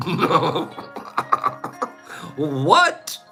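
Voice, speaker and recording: A man with a high, animated voice at a moderate pace hosts a casual live stream, faint music playing behind him. He teases his chat playfully, laughs a lot, and breaks into loud bird calls.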